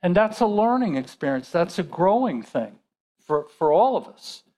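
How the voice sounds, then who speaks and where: Male pastor, high voice, chatty sermon delivery with questions to the congregation. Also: sing-song, moderate pace, mellow. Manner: conversational preaching with rhetorical questions.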